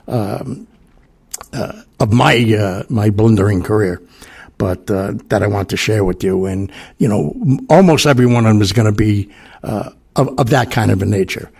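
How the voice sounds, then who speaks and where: A man's voice: fairly low pitch, gravelly, breathy edge. An older man hosting a podcast, telling stories in a rambling, casual way full of fillers and asides. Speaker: podcast host. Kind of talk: casual storytelling monologue.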